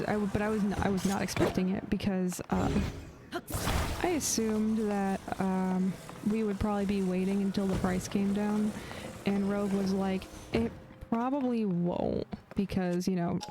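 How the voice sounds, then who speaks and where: A woman streamer chatting casually while playing a game, laughing often and trailing off into fillers and restarts. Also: medium pitch. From United States. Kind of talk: casual chat while gaming.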